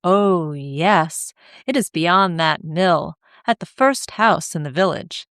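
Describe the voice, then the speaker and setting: A woman's voice: on the low side, slow pace, a bit bright, clear, resonant tone, no room sound, clean studio sound. A woman voicing a trusting, innocent little girl who speaks openly. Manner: innocent and open.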